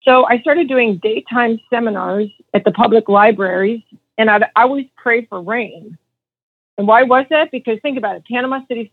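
A woman in her fifties, a podcast guest, telling her story in a lively way and acting out what others said. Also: mid-range voice, creaky, breathy edge, dry recording. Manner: animated storyteller acting out quotes. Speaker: podcast guest, financial advisor. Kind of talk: storytelling interview answer. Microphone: phone. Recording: tinny phone line, dry.

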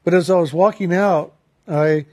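A man calmly recounting a personal story and turning it into a spiritual lesson, earnest and reflective, slowing down on the phrases he wants to stress. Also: high-pitched. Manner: calm, earnest, reflective, with slowed emphasis on key phrases.

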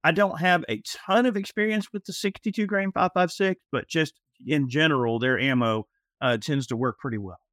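A man co-hosting a panel show, talking in a measured way full of "uh" and "you know". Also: fairly high pitch, a bit bright, dry recording, studio quality. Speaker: podcast co-host. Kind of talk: casual panel chat.

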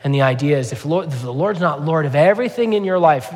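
Pastor, male, slightly high voice, earnest conversational preaching, church hall echo. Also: animated, fast, darkish tone. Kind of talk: sermon.

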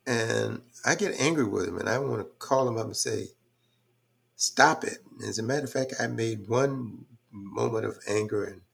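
Frequent fillers mark the reflective, thoughtful talk of this older podcast guest. He speaks at a normal speed with few pauses, in a fairly low, creaky, husky voice.

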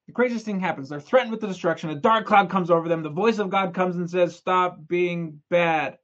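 A young man giving a casual, energetic scripture lesson, retelling stories in a chatty, playful way. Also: high-pitched, fast talker, muffled recording. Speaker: scripture study presenter.

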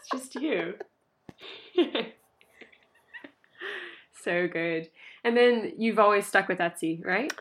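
A woman's voice: medium pitch, slow pace, pauses often. Female host, casual chat, loose rambling questions. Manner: friendly, asks long rambling questions. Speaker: interview host. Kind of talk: casual interview.

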